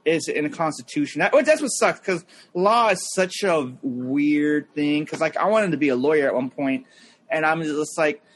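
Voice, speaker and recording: A man's voice: a little high, moderate pace. A man in his thirties chatting casually on a podcast, rambling with lots of fillers and mimicking people as he tells stories.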